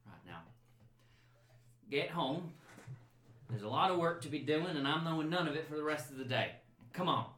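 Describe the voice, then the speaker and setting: A man voicing a stern, fuming frontier mother who scolds in gruff rural speech, in a game played with friends. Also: a little high, animated, normal speed, pauses often, fairly bright tone, echoey room, pitched above the performer's own voice. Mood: brusque.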